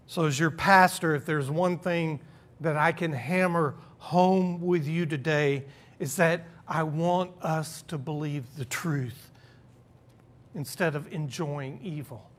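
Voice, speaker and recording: Middle-aged man, pastor, sermon delivery: fairly high voice, earnest, wry self-deprecating asides. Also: slow pace.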